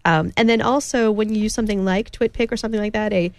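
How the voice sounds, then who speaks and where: A woman's voice: mid-range voice, fast, a little mellow, no room sound. A woman co-hosting a radio talk show, explaining a tech story with many fillers and restarts.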